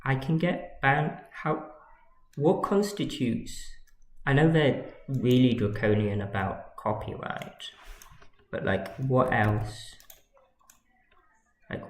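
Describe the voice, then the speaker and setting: A man giving casual livestream commentary as he models, rambling and joking and muttering to himself as he works. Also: mid-range voice. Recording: echoey room with faint noise. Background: keyboard and mouse clicks.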